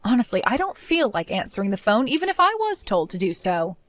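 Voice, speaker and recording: A woman's voice: medium pitch, sing-song, a little fast, dry recording, close to an everyday voice. Woman playing a sarcastic, defiant daughter-in-law. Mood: mocking. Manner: sarcastic, mocking, laughs often. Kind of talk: animated storytime voice acting.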